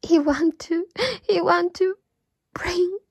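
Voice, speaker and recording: A woman's voice: very high-pitched, steady tone, slow, vocal fry, darkish tone, no echo, low-quality recording. A woman giving an emotional religious testimony and prayer, tearful and pleading, often dropping to a whisper. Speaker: Christian believer giving testimony.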